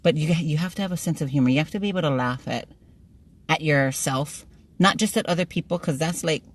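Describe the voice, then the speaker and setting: A woman's voice: sits low, a little fast. A middle-aged woman, chatting to her phone camera from a parked car. She laughs often and tells playful stories. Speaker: vlogger. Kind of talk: casual chat to camera.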